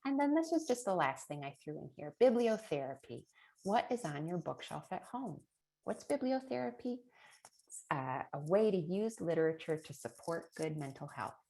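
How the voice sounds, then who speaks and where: A middle-aged woman talks parents through tips in a casual webinar. Her voice sits low with a gravelly fry, and she keeps checking in with a chatty "right?". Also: sing-song, moderate pace. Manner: chatty, warm with laughs and rhetorical "right?". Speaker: early childhood presenter.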